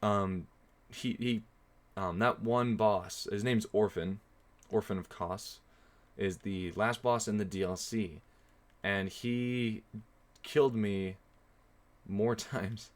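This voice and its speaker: A man's voice: lowish voice, fairly even intonation, slow pace, pauses often. A young man streaming a horror game, chatting casually with viewers in a rambling way full of ums. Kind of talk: casual live-stream commentary.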